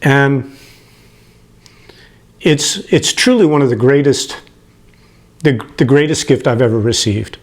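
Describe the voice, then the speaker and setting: A man in his late fifties telling a personal story, animated and prone to chuckling, who gets emotional as he talks. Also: mid-range voice, takes it slowly, pauses often. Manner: animated, acts out the people he quotes, chuckles as he talks.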